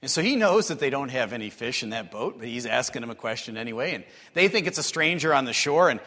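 A man preaching a sermon, telling stories and acting out the people in them, building to excited, animated stretches. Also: medium pitch, fast talker. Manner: storytelling, acts out quotes, rises to excited bursts. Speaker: pastor. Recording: long hall reverb.

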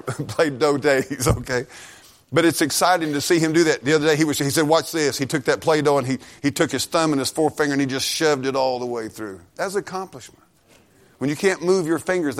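Folksy preacher man with rural drawl. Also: a little high. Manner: folksy, rambling storytelling with repeats and restarts. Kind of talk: sermon.

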